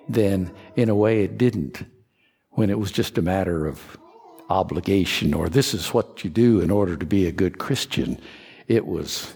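A man from Kentucky preaching a sermon, telling a personal story in an earnest, confessional way with soft asides. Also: fairly low pitch, husky, big-room sound. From Kentucky, USA.

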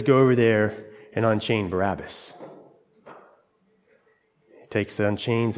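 A man's voice: lowish voice, a little mellow. A man preaching a sermon, telling a scripture story dramatically in short, broken phrases. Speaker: pastor. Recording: long hall reverb.

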